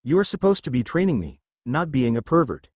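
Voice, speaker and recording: A brash, hot-headed teenage ninja, voiced by a man reading the story. He shouts with lively, jumping pitch, recorded close and dry. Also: moderate pace, no room sound. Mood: angry. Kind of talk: fan fiction audiobook reading.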